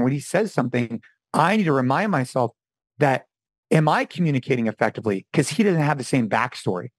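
A man in his forties talking casually as a podcast guest, telling stories with animated delivery and acting out quotes. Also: medium pitch, dry recording, low-quality recording. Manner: animated storytelling, acts out quotes. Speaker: podcast guest, former fitness champion and gym owner. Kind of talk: casual interview talk.

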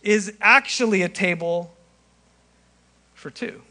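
A young adult male pastor preaching a sermon, acting out scenes with animated storytelling. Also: high voice, takes it slowly.

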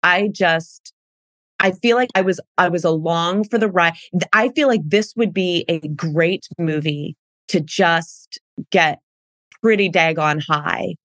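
A woman's voice: fairly low pitch, takes it slowly, fairly bright tone, no echo. A woman guest in casual chat, enthusiastic and rambling, often cutting herself off mid-thought. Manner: enthusiastic, rambling, self-interrupting. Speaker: guest, actress.

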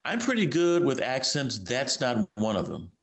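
A man co-hosting a podcast, chatting casually and then walking through a news story in a relaxed, explanatory way. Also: mid-range voice, normal speed. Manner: relaxed, conversational with long explanatory runs. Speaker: podcast co-host.

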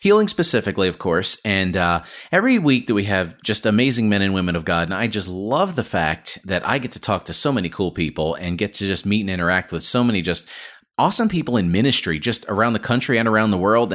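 A man's voice: fairly low pitch, a bit bright. Enthusiastic male podcast host. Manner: enthusiastic, many fillers like "just" and "awesome". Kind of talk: casual podcast talk.

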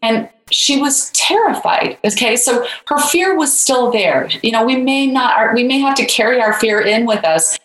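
A woman's voice: fairly high pitch, lively intonation, moderate pace, fairly bright tone, roomy sound, rough recording. A woman guest author in an interview, telling a story in a loose conversational way with many fillers.

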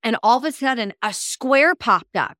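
A woman co-hosting a podcast as a coach, telling stories in a lively way and acting out quoted dialogue. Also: fairly high pitch, moderate pace, dry recording, clean studio sound. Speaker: co-host and coach. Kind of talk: casual podcast storytelling.

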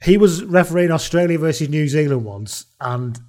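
A man's voice: fairly high pitch, animated, moderate pace, a little mellow. A British man co-hosting a casual chat, telling sporting anecdotes with swearing and plenty of laughter. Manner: storytelling, swearing, laughing often. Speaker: podcast co-host.

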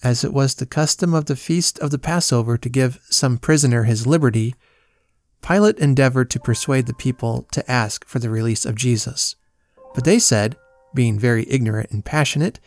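A man's voice: medium pitch, normal speed, a little mellow. Man reading a solemn Bible story. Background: faint guitar music.

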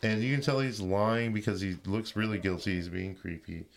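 A man's voice: fairly low pitch, fairly even intonation, fairly quick, gravelly, slight background noise. Laid-back man recapping a film. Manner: laid-back, retells scenes with quoted voices and laughs. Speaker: podcast co-host. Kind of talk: casual chat recapping a film.

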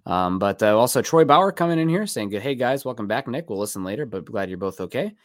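A man talks quickly and casually as host of a sports podcast, wandering through thank-yous and plugs. His voice sits mid-pitch and close to the mic, with a dry, dead room around it. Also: animated, dry recording. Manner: loose, rambling, thanks listeners by name.

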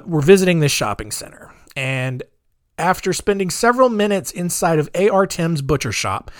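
Male host in his thirties, chatty and sardonic, very expressive pitch, dry booth sound. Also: no echo. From United States. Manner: rambling, chatty, dark sarcastic humor. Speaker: podcast host. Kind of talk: casual podcast monologue.

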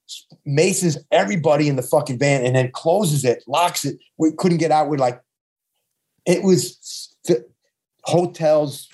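Husky-voiced New York man swapping tour stories. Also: a little high, dark tone. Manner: profane rambling anecdotes with frequent restarts. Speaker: touring punk musician guest. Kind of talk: casual storytelling.

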